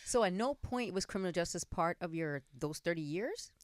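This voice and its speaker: Lively, playful woman podcast host. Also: on the low side, normal speed, dry recording, studio quality. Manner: playful, laughing, slangy, switches into Spanish. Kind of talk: casual chat.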